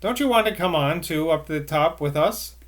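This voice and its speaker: Man playing an eager young gent, emphatic, lifted pitch, storybook reading. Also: lively intonation, brisk, natural voice.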